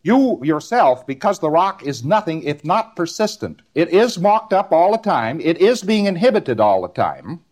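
A man's voice: a little high, big pitch swings, moderate pace, few pauses, a little mellow. A man giving a recorded lecture, rambling and repeating words in rhythmic runs, often ending on a tag question.

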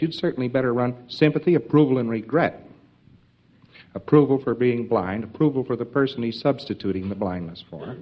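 A man's voice: mid-range voice, dull audio. A man giving an informal lecture to trainees in a folksy, emphatic way, with joking asides.

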